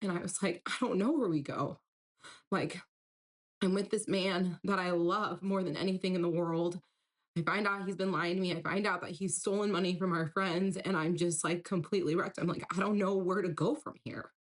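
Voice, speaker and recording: A woman's voice: lowish voice, fairly even intonation, moderate pace. A young woman candidly telling a painful personal story, getting emotional at the hardest parts. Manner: candid, breaks into tearful emotion at hard moments. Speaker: storyteller recounting a breakup.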